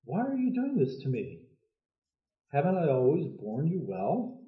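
A man voicing a bewildered talking donkey that pleads with its rider in a high, indignant tone. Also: huge pitch swings, unhurried. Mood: pleading. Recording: echoey, phone-like lo-fi sound.

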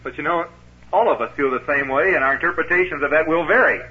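A man's voice: on the high side, fast, muffled recording. A man preaching a sermon in a conversational way, posing rhetorical questions to his listeners.

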